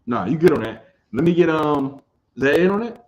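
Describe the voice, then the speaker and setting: A man's voice: on the high side, animated, a little fast, darkish tone, poor audio. A man teaching an informal scripture class. He talks emphatically, repeats his phrases and keeps asking whether his listeners understand.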